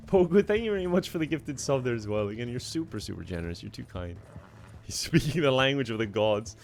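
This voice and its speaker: A man's voice: medium pitch, animated, brisk, creaky, darkish tone, a little hiss or hum. Chatty young Irish man streaming. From Ireland. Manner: chatty, laughs often, thanks viewers. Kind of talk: casual live-stream chat.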